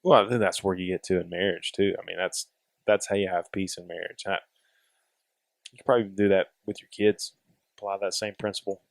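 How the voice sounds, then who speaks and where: A man who is a guest on a podcast, talking in casual chat and thinking aloud in a measured way. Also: sits low, steady tone, gravelly, no echo, studio quality.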